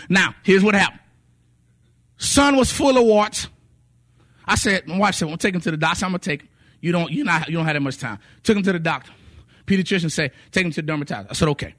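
A man's voice: high-pitched, quick pace. A man preaching a sermon, telling testimonies with acted quotes and sung phrases. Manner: animated storytelling, voices quotes, sings some phrases.

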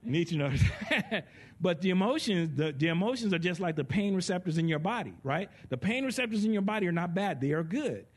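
A man preaching a teaching sermon in an animated way, with sound effects and laughter. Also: sits high, a little fast.

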